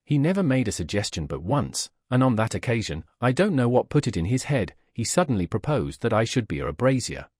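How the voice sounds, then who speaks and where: A man narrating a classic novel as an audiobook in a measured, expressive way. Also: medium pitch, breathy edge, no echo, studio quality. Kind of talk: scripted literary narration.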